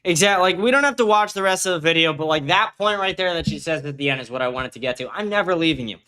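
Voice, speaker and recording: A man's voice: on the high side, lively intonation, fast, bright, forceful tone, smooth. A man hosting a commentary show, reacting to clips and ranting profanely with mocking asides. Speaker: host.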